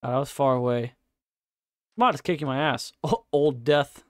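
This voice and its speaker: A man's voice: mid-range voice, normal speed, no echo, studio quality. A man giving casual, profane live commentary while playing a game, chatting to himself and his viewers. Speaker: streamer.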